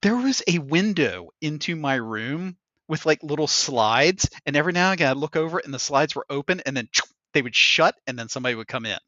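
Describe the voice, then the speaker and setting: Bright-toned male podcast host telling stories. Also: fairly high pitch, brisk, no room sound, dull audio. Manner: animated storyteller acting out others' lines with laughs. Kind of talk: casual chat, storytelling.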